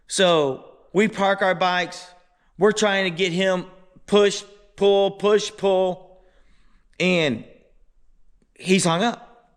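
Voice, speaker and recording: A man casually retelling a muddy trail ride, animated and exasperated. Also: high-pitched, drawn-out words, pauses often, clear, resonant tone. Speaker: motorbike vlogger. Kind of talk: casual storytelling voice-over.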